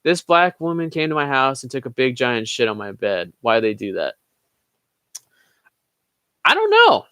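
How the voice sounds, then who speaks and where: A man's voice: mid-range voice, fairly even intonation, a little fast, few pauses, a bit bright, clear, resonant tone, no room sound. A young man hosting a live Q&A, reading viewers' questions aloud and answering them offhand, swearing freely. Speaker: channel host answering live chat questions. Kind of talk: casual livestream Q&A.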